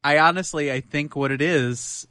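Man, podcast co-host, brief agreeing replies, bright voice, dry close mic. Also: on the high side, moderate pace, dry recording. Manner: short agreeing interjections, laughs along. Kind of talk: casual movie review chat.

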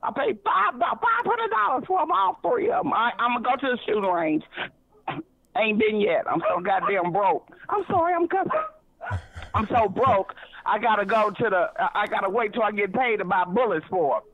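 A woman's voice: medium pitch, expressive, normal speed, a little hiss or hum. A woman from Kansas City, Missouri, calling in to a radio show, rambling and stumbling over repeated words. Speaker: caller. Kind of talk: radio call-in chat. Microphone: phone. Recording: tinny phone line, dry.

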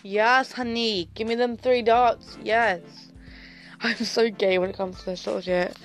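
A woman's voice: fairly high pitch, fairly even intonation, unhurried. A young woman hosting a casual podcast chat, sassy and theatrical, swearing a lot as she talks to her viewers. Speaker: podcast host. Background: faint music.

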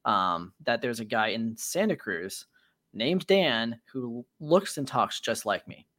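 A man's voice: medium pitch, very animated, takes it slowly, fairly bright tone. A man co-hosting a casual chat, telling anecdotes in a laid-back, joking way. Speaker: podcast co-host.

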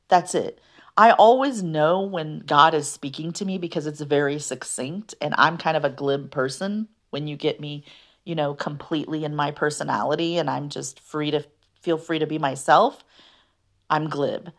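Woman, low voice, earnest personal testimony, halting delivery. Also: a bit bright. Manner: earnest, halting, with fillers and restarts. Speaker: guest sharing her story.

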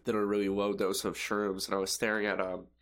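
A young man with a fairly low voice rambles through a casual podcast monologue. He swears freely and keeps stopping to restart his sentences, padding them with fillers. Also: level tone, fairly quick, fairly bright tone. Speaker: podcast host.

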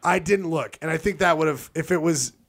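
A man co-hosting a podcast, telling travel stories in animated casual chat and slipping into goofy voices. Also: on the high side, fairly quick, gravelly. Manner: animated storytelling, swings into silly voices. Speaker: podcast co-host.

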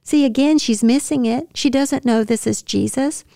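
A woman hosting a devotional podcast, reflecting earnestly and tenderly on scripture, with soft laughs now and then. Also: high voice, normal speed, vocal fry, dry recording, clean studio sound. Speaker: podcast host.

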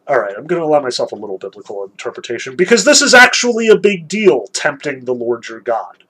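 A man giving a casual lecture, chatty and animated, with self-deprecating asides. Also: mid-range voice, quick pace, slightly rough, low-quality recording.

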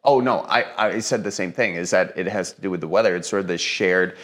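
A man's voice: sits low, a little fast, fairly bright tone. A man from the American Midwest hosting a podcast, chatting casually with dry, teasing, mock-wounded humor. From Midwest, USA. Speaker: podcast host. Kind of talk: joking casual chat.

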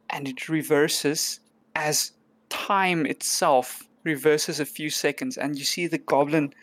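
A woman runs a tabletop role-play game and narrates the scene in a chatty, descriptive way, often pausing on fillers. Her voice is low and is recorded dry and close. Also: no room sound. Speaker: game master.

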